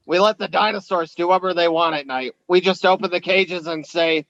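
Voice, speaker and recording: A man with a gravelly, slightly high voice tells crude jokes on a casual comedy podcast. The sound is dry and a little dull, like a cheap lo-fi mic. He swears freely and keeps the banter rolling. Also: brisk, fairly bright tone, no room sound. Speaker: podcast co-host.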